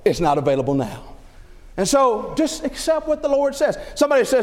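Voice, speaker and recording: A middle-aged man preaching a sermon, animated, asking rhetorical questions and acting out everyday scenarios. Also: very high voice, a little fast. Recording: long hall reverb.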